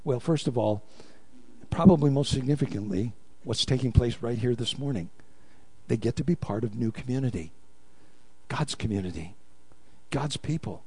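A man's voice: medium pitch, animated, normal speed, pauses often, warm tone, big-room sound, slight background noise. A man preaching a sermon, telling stories and asking his congregation questions, drawing them into call-and-response. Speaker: pastor.

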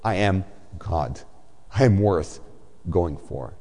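A preacher putting on a deep, grave God. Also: male voice, expressive, takes it slowly, mellow, long reverb tail, full character voice. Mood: solemn, reassuring. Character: God, a solemn commanding male deity.

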